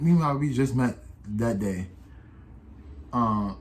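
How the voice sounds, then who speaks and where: A man's voice: medium pitch, unhurried, long pauses. An eighteen-year-old man telling a casual storytime, rambling and slangy, with many restarts and quoted voices. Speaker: vlogger.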